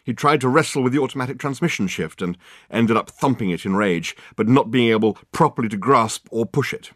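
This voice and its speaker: In a measured, expressive storytelling voice, a male audiobook narrator reads from a novel as scripted narration. His voice is mid-range, and the studio recording is clean with no room sound.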